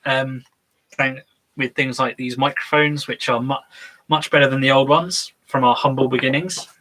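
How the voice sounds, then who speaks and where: A man's voice: medium pitch, fairly even intonation, moderate pace, pushed and bright, low-quality recording. A man co-hosting a casual tabletop gaming chat, talking in a rambling, hesitant way with lots of fillers. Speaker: co-host.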